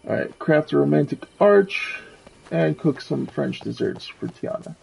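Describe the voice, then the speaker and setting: A man's voice: fairly high pitch, expressive, a little slow, creaky, a little mellow, slightly rough, low-quality recording. A man streaming a game with casual commentary. He reads the quest text and the characters' lines aloud.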